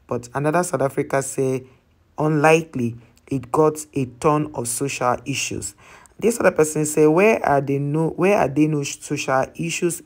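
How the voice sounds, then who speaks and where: Host chatting through viewer comments. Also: medium pitch. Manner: chatty, reacts to each comment and explains it to the listener. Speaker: travel channel host.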